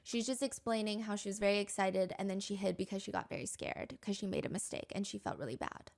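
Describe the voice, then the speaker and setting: A woman's voice: medium pitch, expressive, fast talker, gravelly, a little mellow. A woman narrating a true-crime podcast in an earnest, openly judgmental way as she describes video clips. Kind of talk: scripted narration.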